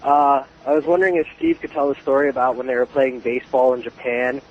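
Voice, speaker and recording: A man's voice: mid-range voice, little pitch movement, quick pace, slightly rough, dull audio. A man calling in to a radio show to ask a question, a little hesitant. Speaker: radio caller.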